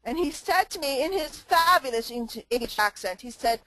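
Brief: woman motivational trainer on a group call, higher voice, dry close sound, emphatic and repetitive, chatty. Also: lively intonation, brisk, few pauses, bright, forceful tone, no echo, rough recording. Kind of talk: motivational talk to a live online group.

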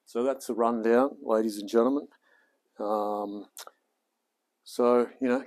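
A man's voice: mid-range voice, fairly even intonation, slow, long pauses, a little mellow. An Australian man in his late forties chatting casually on his live stream, laid-back and rambling, with plenty of slang. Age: late 40s. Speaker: live-streaming home mechanic.

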